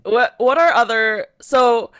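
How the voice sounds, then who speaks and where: A young woman co-hosts a casual chat podcast. She tells stories with animated energy, laughs often and slips into quick impressions. The mic is close and dry with no room sound. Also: fairly high pitch, no room sound. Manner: animated storytelling, laughs often, mimics people. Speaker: podcast co-host.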